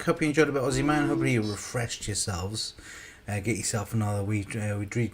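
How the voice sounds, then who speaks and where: A man hosting a live quiz in a rambling, jokey and relaxed way. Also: fairly low pitch, fast talker, music in the background. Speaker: quiz host.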